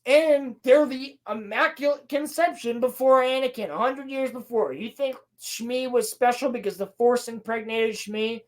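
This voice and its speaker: A woman's voice: on the high side, moderate pace, few pauses. Sarcastic, foul-mouthed woman podcaster. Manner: sarcastic, profane, mocking; acts out quoted lines in playful voices. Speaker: podcast co-host reviewing a TV show. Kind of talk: casual chat.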